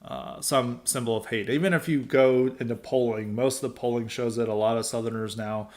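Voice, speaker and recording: A man's voice: medium pitch, fairly even intonation, brisk, darkish tone. A man hosting a podcast, talking in casual political commentary with emphatic rises and many fillers. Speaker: podcast host.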